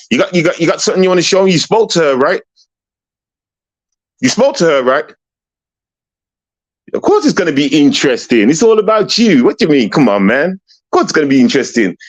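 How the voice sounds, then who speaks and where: Fired-up guy running a call-in stream, kinda high voice, keeps repeating himself and cussing people out. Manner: confrontational, repetitive, swears and rants. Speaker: livestream host. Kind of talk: heated livestream call-in.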